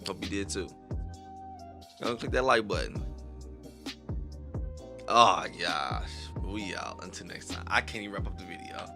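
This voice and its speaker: A young man hosting a reaction video, excitable and slangy, sometimes dropping to a near-whisper. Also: lowish voice, a little slow, creaky, long pauses, faint music behind.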